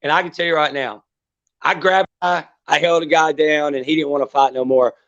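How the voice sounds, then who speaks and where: A man's voice: fairly high pitch, steady tone, fairly quick, fairly bright tone. A man cohosting a casual livestream chat, telling a rambling, profane story with many restarts. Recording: dull lo-fi stream audio.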